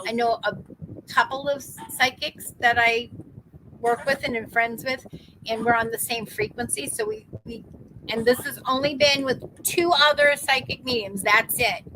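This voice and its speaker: A woman's voice: fairly high pitch, measured pace, bright, forceful tone, slight background noise, rough recording. A chatty woman in her fifties, a psychic medium hosting a casual live-stream talk, who laughs easily and acts out the voices of people she quotes. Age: 50s.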